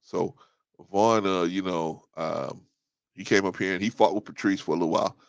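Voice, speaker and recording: A man hosts a talk stream in a loose, casual monologue. His voice sits low and has a gravelly fry, and it sounds dry and close to the mic. He talks in an animated way, laughs often and circles back over his own words. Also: moderate pace, dry recording. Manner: animated, laughs a lot, repeats himself.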